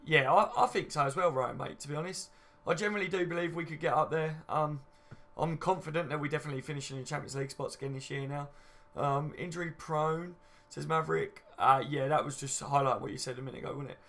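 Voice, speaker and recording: Reading out comments on his casual fan channel stream, this man in his late twenties is matey and talkative, swears without a second thought, and leans heavily on "you know what I mean." He talks fast in a slightly high, fairly bright voice with fairly even intonation.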